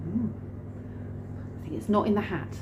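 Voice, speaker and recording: A woman vlogger telling a story in a lively way, acting out the scenes. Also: mid-range voice, moderate pace, lo-fi sound, noisy background. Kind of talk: animated storytelling vlog. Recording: roomy room with faint ambience.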